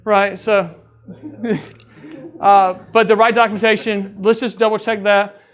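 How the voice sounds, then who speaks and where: A man with a fairly high voice gives an easygoing training talk to his crew. He keeps it conversational and teasing, often tossing in a quick "right?" to check they are following. He sounds like a training officer talking with colleagues, not reading a script. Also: level tone, fairly bright tone. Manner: jokes with the crew. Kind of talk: casual training lecture.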